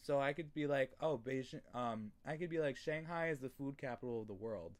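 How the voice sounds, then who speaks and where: Relaxed young man tutoring English. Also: medium pitch, a little fast. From New York State, USA. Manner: relaxed, many fillers and throat clearing. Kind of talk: casual online lesson.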